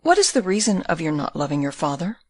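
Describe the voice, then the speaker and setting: A woman reading the part of a young prince, calm and commanding, asking probing questions in an audiobook. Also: fairly low pitch, fast talker, no echo.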